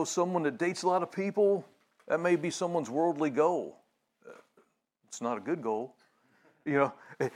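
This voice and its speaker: Guy pastor preaching, chatty and loose, lots of ums and restarts, mid-pitched. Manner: conversational preaching with many fillers and restarts. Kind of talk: sermon.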